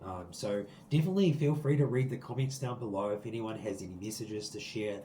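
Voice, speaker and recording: Earnest, rambling low-voiced man reading tarot. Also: fairly quick, mellow, echoey room, a little hiss or hum, rough recording. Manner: earnest, rambling, full of likes and ums. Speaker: tarot card reader. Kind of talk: spiritual tarot reading to viewers. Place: sitting outdoors.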